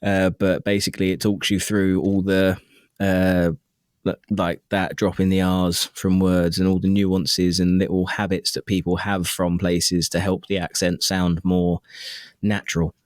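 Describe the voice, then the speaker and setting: A man with a Southern English accent, a voice actor chatting as a podcast guest, quick and laughing often. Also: sits low, little pitch movement, darkish tone, no room sound, clean studio sound. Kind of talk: casual podcast chat.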